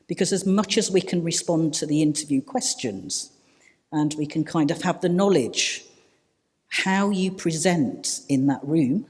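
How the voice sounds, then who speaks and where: Male panelist, slightly high voice, measured and reflective; reverberant hall. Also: a little mellow. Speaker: panel speaker.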